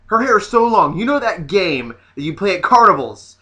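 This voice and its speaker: A man vlogging in a casual comedic rant, sassy and animated with mocking asides. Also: high-pitched, moderate pace.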